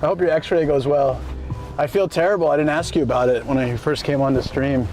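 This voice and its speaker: A man with a slightly high voice talks fairly quickly over background music while out on a bike ride. He's live streaming, chatting casually with viewers and reading their messages aloud as he responds.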